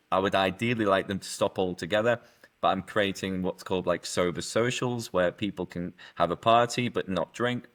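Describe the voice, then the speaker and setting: A middle-aged man telling his personal story as a podcast guest, earnest and emotional, with halting restarts. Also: low voice, a bit bright.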